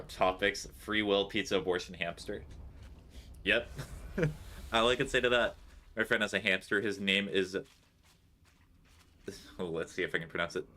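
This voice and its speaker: A man's voice: low voice, bright, forceful tone. A man streaming a game, chatting casually with viewers in a joking, sarcastic way. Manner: joking, sarcastic, laughs often. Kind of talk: casual live-stream chat while gaming.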